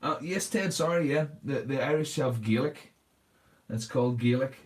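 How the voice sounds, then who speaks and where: A man's voice: medium pitch, moderate pace. A man hosting a casual livestream, chatting and answering viewers' comments while he paints a model.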